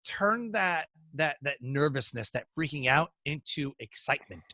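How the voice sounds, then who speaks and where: A man who coaches public speakers, talking in a casual interview in an energetic, storytelling way. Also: fairly high pitch, normal speed, dry recording. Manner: energetic, storytelling, acts out quoted dialogue.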